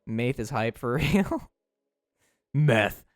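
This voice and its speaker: A man's voice: mid-range voice, lively intonation, normal speed, no room sound, clean studio sound. A young man streaming live, chatting playfully with his chat, laughing often and tripping over his words.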